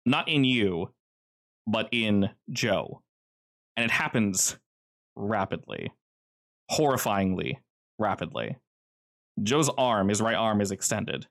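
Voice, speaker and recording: A man narrating a tabletop game as game master, describing scenes in a slow, ominous, measured way. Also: fairly low pitch, fairly bright tone.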